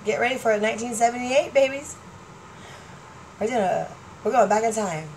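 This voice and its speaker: A woman talks straight to her audience in an excitable, chatty way, her voice sitting a little high. She laughs often as she goes. A faint hum of room noise stays underneath. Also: moderate pace, low-quality recording. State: partially deaf. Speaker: vlogger. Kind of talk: casual chat to camera.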